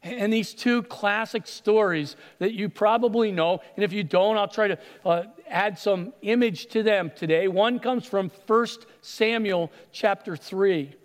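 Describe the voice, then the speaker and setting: A man preaching a sermon, retelling stories with animated delivery and acted-out voices. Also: high-pitched, a little slow, hardly any pauses, big-room sound. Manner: animated storytelling, acts out voices. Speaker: pastor.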